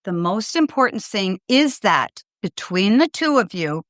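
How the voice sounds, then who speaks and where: A woman's voice: medium pitch, very animated, measured pace, dry recording, clean studio sound. An older woman, a pediatrician hosting a podcast, giving direct, good-humored parenting advice to callers. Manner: direct, warm-humored, acts out kids and parents in quotes. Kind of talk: advice show, answering callers.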